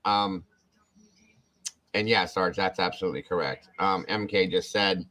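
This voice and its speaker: A man with a fairly low voice hosts a relaxed true crime live stream. He talks loosely and chattily, with small apologies and asides as he reads from the chat. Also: unhurried, poor audio. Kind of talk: casual live-stream discussion.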